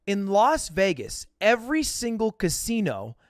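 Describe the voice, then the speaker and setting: A man's voice: high-pitched, huge pitch swings, a little slow, no room sound, clean studio sound. A man telling a casual, profane, self-mocking story as a podcast host.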